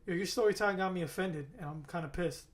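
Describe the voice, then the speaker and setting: A man's voice: high voice, fast talker. A man co-hosting a podcast in casual chat, laid-back and reacting with short slang remarks. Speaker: podcast co-host. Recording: clear background noise.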